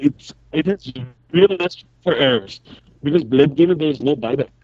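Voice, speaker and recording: A man's voice: on the high side, fairly quick. Muffled man on a call. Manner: relaxed, mixing English and Bengali. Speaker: guest. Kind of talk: casual chat over a call. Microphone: phone on a call.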